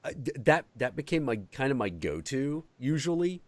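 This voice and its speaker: A man hosting a podcast, telling a story in casual chat, animated and swearing freely. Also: mid-range voice, moderate pace, slight background noise. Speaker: podcast host.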